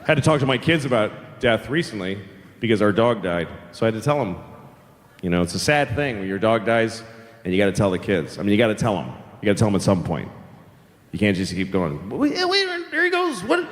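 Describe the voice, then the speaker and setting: A man's voice: lowish voice, expressive, brisk. Middle-aged man ranting on a comedy stage. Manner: profane, exasperated ranting with sudden shouts. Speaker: stand-up comedian. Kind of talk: stand-up comedy routine. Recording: live hall reverb, faint ambience.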